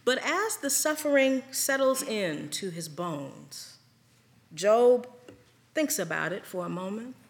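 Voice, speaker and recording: Woman pastor, unhurried sermon delivery, weighty pauses. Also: medium pitch, very animated, creaky. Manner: slow, deliberate preaching with dramatic pauses.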